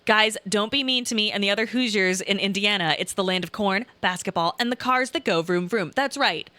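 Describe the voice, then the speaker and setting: A woman's voice: mid-range voice, fairly quick, sharp tone, dry recording. A young woman from Southern Illinois with a light accent of her region, chatting casually and rambling as she reads chat and laughs often. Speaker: streamer reading chat. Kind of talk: casual live-stream chat.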